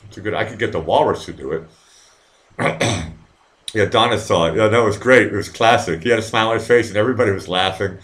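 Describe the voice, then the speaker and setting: A fast-talking middle-aged man hosts a live stream in a lowish, slightly bright voice. He chats loosely with viewers, stammering, repeating words, and swearing without much thought.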